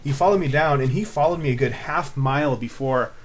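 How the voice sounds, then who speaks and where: A man's voice: mid-range voice, a little fast. A man in his twenties tells a personal story to camera in a rambling, laid-back way, with lots of fillers and swearing. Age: 20s. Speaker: vlogger.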